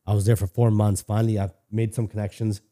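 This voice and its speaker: Low, dark-voiced man telling a story. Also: level tone, fast. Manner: candid, swears freely, many restarts. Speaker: podcast guest. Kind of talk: casual storytelling.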